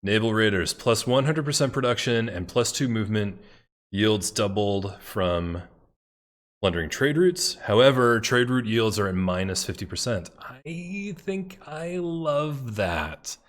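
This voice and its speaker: A man with a fairly low voice talks his way through a strategy game in loose, casual commentary. He mutters to himself, gets excited, and swears freely when a move goes wrong. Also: moderate pace. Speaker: gameplay commentator.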